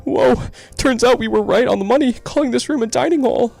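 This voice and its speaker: Game role: high, squeaky, easily startled young female student, done by a male player reading aloud. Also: a little fast, vocal fry, darkish tone, soft background music, exaggerated voice. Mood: excited.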